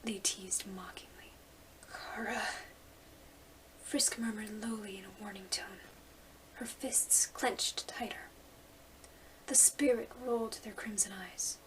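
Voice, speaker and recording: A woman reading a story aloud in a soft, hushed whisper, on a slightly distant mic. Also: medium pitch, steady tone, unhurried. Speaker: fanfiction reader.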